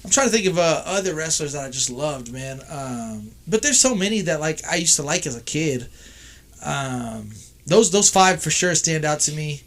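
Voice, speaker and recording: A man from Texas, a podcast guest, telling stories in casual chat: boisterous, profane, and often shouting. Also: on the high side, animated, moderate pace.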